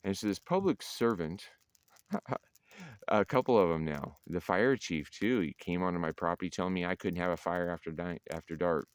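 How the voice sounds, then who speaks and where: A man's voice: low-pitched, animated, normal speed, clean tone, no room sound. A middle-aged man telling a story to camera in a blunt, profane, defiant way. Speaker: veteran vlogger. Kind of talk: casual monologue to camera.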